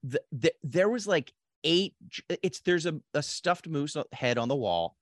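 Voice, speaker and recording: A man's voice: on the high side, animated, unhurried, no echo. Enthusiastic man, dry close sound. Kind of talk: casual movie chat.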